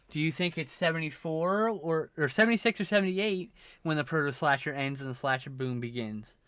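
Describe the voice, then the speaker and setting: A man's voice: a little high, a bit bright, no echo. A man chatting casually on a live stream, rambling and swearing a little while talking to his chat, sleepy and yawning.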